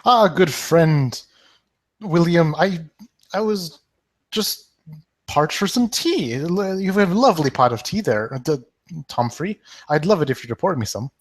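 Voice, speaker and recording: A man's voice: fairly high pitch, lively intonation, a little slow. A man playing a tabletop game, eager and cheerful in character. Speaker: player.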